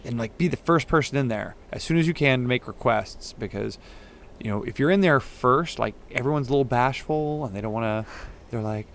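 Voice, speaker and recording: A man co-hosting a live painting lesson in a studio, relaying viewer questions in a loose, halting way. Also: medium pitch, gravelly, fairly bright tone, a little hiss or hum. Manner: loose and halting, with many restarts. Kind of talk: casual live-stream chat.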